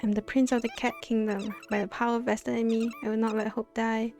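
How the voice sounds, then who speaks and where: A woman's voice: fairly high pitch, little pitch movement, fairly quick, a little mellow, soft background music, lightly acted. A woman voicing a brave young cat prince in a game, earnest and rousing.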